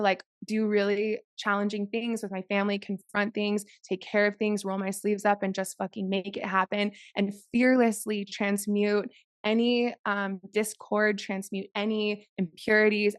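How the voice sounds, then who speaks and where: Gravelly woman, earnest spiritual storytelling. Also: medium pitch, no room sound, clean studio sound. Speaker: podcast co-host. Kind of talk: casual chat.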